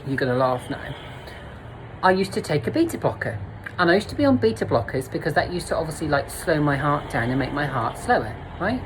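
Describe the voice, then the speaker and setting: A woman's voice: deep voice, very animated, a little fast, noisy background. A woman telling a blunt, sweary, self-mocking story to camera as a vlogger. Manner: blunt, sweary, laughs at herself. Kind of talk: candid storytime monologue.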